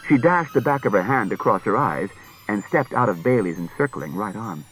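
A male audiobook narrator reads with lively, varied intonation. His voice is husky, with a faint bed of music underneath. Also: on the low side, normal speed, low-quality recording. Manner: expressive storytelling. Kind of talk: scripted narration.

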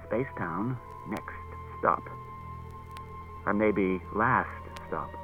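A man voicing a gruff, irritable plainclothes detective who mutters his thoughts low, on a tinny cassette recording. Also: very slow, soft background music. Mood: muttering. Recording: tinny narrow-band cassette tape.

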